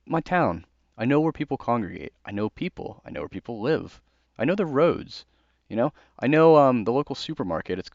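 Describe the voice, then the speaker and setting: This host, a young man from the United States, talks through a book in a relaxed, sincere way, dropping in fillers as he goes. His medium-pitched voice is creaky, captured on a dull, dry lo-fi recording with no echo.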